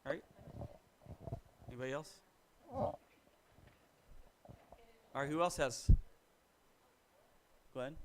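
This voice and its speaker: A man leading a relaxed church Bible study, encouraging people and laughing easily. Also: medium pitch, takes it slowly, pauses often, background noise. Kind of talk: casual class discussion.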